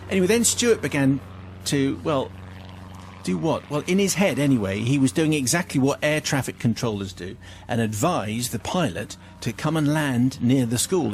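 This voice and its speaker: English man reading letters on radio. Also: mid-range voice. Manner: playful storytelling with asides. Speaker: radio host reading listener confessions.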